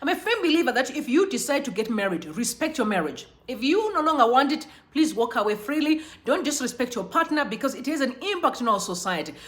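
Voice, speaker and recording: A young woman from Zimbabwe hosting a casual live stream, chatting bubbly with viewers and giving shout-outs by name. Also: high voice, big pitch swings, brisk, hardly any pauses. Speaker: livestream host. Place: Johannesburg.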